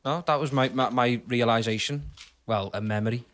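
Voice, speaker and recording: A man's voice: medium pitch, a little fast, fairly bright tone. A man, co-hosting a podcast with jokey, laughing banter. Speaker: podcast co-host. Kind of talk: casual chat. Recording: crowd noise behind.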